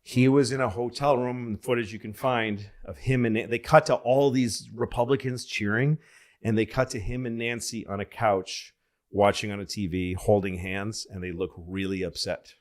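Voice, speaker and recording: A man's voice: lowish voice, fairly even intonation, moderate pace. Middle-aged man, from Massachusetts, rambling storyteller, acts out other voices, casual podcast chat. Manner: rambling anecdotes with acted-out voices. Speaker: guest.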